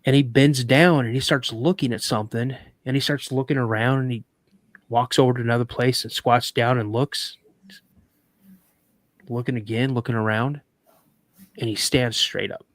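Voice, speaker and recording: A man's voice: medium pitch, steady tone, moderate pace, long pauses, dry recording. Man dramatically retelling a story. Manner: vivid, dramatic retelling with stammered restarts. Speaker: guest. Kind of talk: casual storytelling in a talk show.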